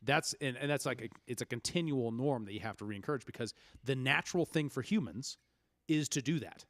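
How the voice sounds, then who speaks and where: A man's voice: mid-range voice, fairly quick, fairly bright tone, no room sound. Male podcast co-host, lecturing casual manner, dry close sound. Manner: explanatory, lecturing. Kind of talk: casual chat.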